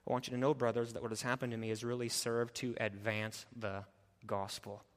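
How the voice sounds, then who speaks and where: A man preaching a sermon as pastor, passionate, swinging from loud emphatic stretches to quiet, low appeals. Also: little pitch movement, brisk, big-room sound. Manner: impassioned, rising to loud emphatic preaching then dropping low.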